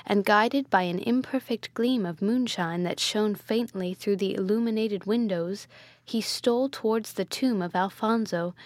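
A woman narrates an old gothic novel in a measured, dramatic way. Her voice sits at an ordinary middle pitch. The recording is dry and close. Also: dry recording. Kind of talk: audiobook reading of a gothic novel.

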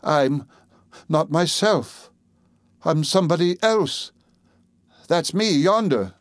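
A man's voice: on the high side, lively intonation, slow pace, no echo, studio quality, voice pushed up. A man voicing a bewildered old man named Rip, lost and pleading, his voice raised and strained.

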